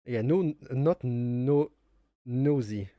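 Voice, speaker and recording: A man's voice: mid-range voice, slow pace, dry recording, highs cut off. A man from France with a French accent and a nasal voice, chatting casually on a cooking live stream. He rambles and jokes about himself. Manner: rambling, joking, chuckles often, speaks non-native English. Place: home kitchen.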